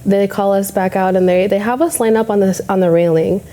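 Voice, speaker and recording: A woman's voice: mid-range voice, fairly even intonation, brisk, dark tone. A young adult woman, a bodybuilding competitor, telling a story casually and acting out her own past thoughts.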